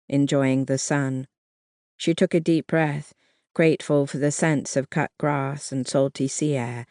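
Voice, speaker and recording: An audiobook narrator reading historical fiction in a measured, even storytelling manner. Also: mid-range voice, no room sound, studio quality.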